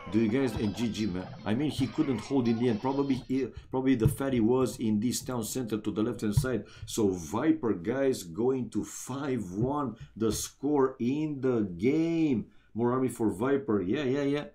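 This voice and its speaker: A man's voice: mid-range voice, moderate pace, few pauses, warm tone. A man from Romania casting a strategy game match live, chatting casually with his viewers and calling them "man" and "guys". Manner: chatty, talks straight to chat viewers, many "uh" and "man". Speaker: esports caster.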